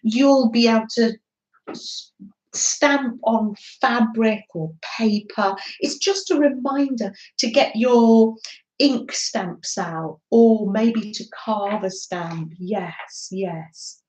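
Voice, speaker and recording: A woman's voice: fairly high pitch, slow pace. A middle-aged woman hosting a craft live stream, chatting casually and reading out viewers' comments. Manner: chatty, warm greetings to viewers. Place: indoors at a craft desk. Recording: echoey room.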